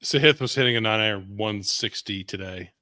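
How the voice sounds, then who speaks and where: A man co-hosting a casual golf betting chat, chiming in with quick questions and short reactions. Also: fairly low pitch, bright, forceful tone.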